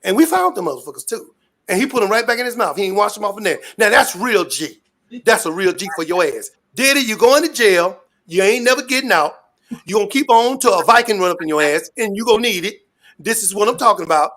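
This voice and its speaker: A man's voice: high voice, lively intonation, fast talker. A man from Alabama with a Southern accent, ranting and telling rambling, profane stories as a guest on a talk stream. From Birmingham, Alabama. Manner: loud, cussing, rambling storyteller. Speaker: guest commentator.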